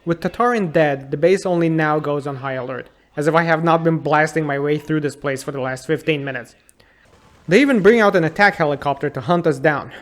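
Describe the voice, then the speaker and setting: A man in his thirties narrating a comedic game retrospective in a sarcastic, incredulous and exasperated way. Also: high voice. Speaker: YouTube game reviewer.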